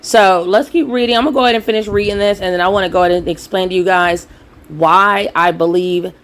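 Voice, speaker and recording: A woman's voice: mid-range voice, fairly even intonation, fast. A woman from the United States with an African American English accent, hosting her own commentary channel and ranting in a heated, emphatic, profane way. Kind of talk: solo commentary rant.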